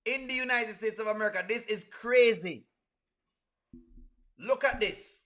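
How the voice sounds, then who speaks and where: A man, reacting live to a video for his stream chat, animated and repeating his exclamations again and again. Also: high voice, a little slow.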